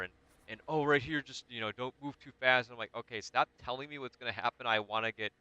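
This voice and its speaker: A man hosting a casual chat while building in a game, telling animated stories and swearing now and then. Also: medium pitch, quick pace, clear, resonant tone, dry recording, dull audio. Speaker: host.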